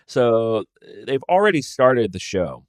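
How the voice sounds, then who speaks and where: Male podcast host, rambling chatty delivery, expressive, dry studio sound. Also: mid-range voice, measured pace, clean tone, dry recording. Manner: rambling, swears casually, thinks aloud. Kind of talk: casual solo podcast talk.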